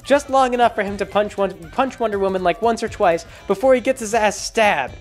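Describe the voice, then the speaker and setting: A man's voice: sits high, brisk, soft background music. A man rambling sarcastically through a casual movie recap, full of fillers and restarts. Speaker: vlogger.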